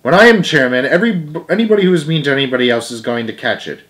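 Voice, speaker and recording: A man reading a storybook aloud, voicing a small, earnest mouse who acts as a solemn, fair-minded teacher, in a lively, emphatic voice. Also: racing, natural voice. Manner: lively, emphatic, higher and louder than his narration.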